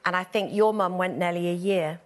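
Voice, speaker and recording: An English woman co-hosts a daytime TV panel from the studio. Her voice sits a touch low, and she talks in a supportive, conversational way. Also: fairly even intonation, a little fast. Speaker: TV panel presenter.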